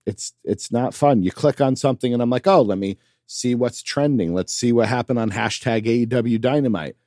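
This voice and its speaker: A man co-hosting a casual podcast chat, animated and quick to laugh. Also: mid-range voice, dry recording, studio quality. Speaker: podcast co-host.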